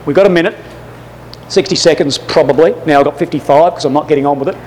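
High-voiced man preaching a lively sermon. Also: quick pace, a little hiss or hum. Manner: lively storytelling with acted-out asides, keeps saying brothers and sisters.

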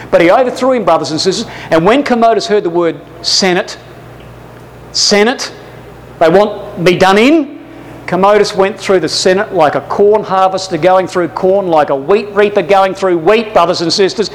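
A man with a high voice delivers a sermon as a lively story, acting out bits and turning again and again to his brothers and sisters. A faint hum of noise sits behind him. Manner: lively storytelling with acted-out asides, keeps saying brothers and sisters. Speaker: preacher.

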